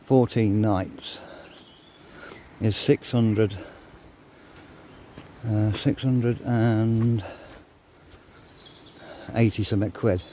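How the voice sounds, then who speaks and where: A man's voice: fairly low pitch, fairly even intonation, drawn-out words, long pauses, dark tone, slight background noise. An older man talking casually to camera, blunt and swearing, a little out of breath. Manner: blunt, swears freely, grumbling. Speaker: vlogger. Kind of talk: casual ranting monologue.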